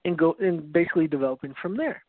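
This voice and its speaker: A man's voice: on the high side, expressive, fast, no echo. A man giving an earnest evangelistic teaching, telling a story with frequent restarts. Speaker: preacher. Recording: dry, phone-like narrow sound.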